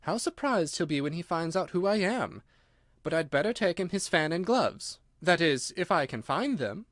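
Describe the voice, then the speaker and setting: A man's voice: on the high side, expressive, normal speed, a bit bright, no room sound, studio quality, voice pushed up. A man voicing a curious, polite young girl who talks earnestly. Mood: musing. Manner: earnest, chatty.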